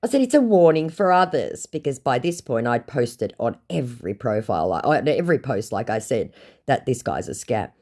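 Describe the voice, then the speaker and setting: A woman's voice: very deep voice, expressive, moderate pace, warm tone. A woman recounting a scam chat in storytime narration, with sarcastic, mocking asides.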